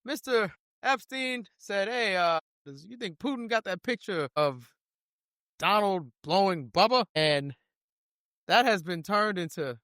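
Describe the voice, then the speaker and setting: A man co-hosting a podcast, talking in loud, animated casual banter, often laughing. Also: high-pitched, unhurried, dry recording, studio quality. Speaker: podcast co-host.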